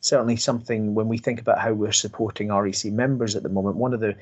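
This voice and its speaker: A man hosting an interview, thoughtfully summing up his guest's points in a measured way. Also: lowish voice, level tone, darkish tone. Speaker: podcast host from a recruitment industry body. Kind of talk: conversational interview.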